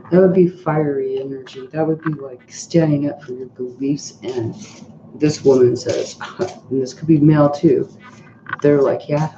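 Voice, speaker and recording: A woman giving a casual, chatty tarot reading, rambling with many restarts and fillers. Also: deep voice. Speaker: tarot reader. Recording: roomy, dull sound with faint noise.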